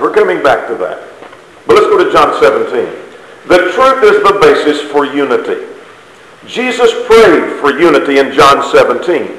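A man preaching a sermon to a congregation, measured and emphatic, repeating key phrases. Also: high voice, fairly bright tone. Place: church hall. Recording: echoey hall, distant mic.

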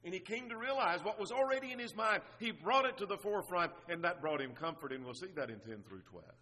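Bright-voiced preacher in a reverberant hall. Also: male voice, high voice, expressive, fast. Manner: earnest, piles up rhetorical questions. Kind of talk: expository sermon on a psalm. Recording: long reverb of a large hall.

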